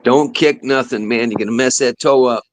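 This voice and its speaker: A man's voice: mid-range voice, moderate pace, low-quality recording. A man co-hosting a casual chat show, telling a long profane anecdote with frequent laughter.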